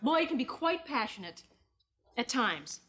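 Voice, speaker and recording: A woman's voice: high voice, very animated, measured pace. An actress playing an exasperated, prim woman who scolds, in sitcom style. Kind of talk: 1990s sitcom acting. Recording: loud hiss, studio audience laughter.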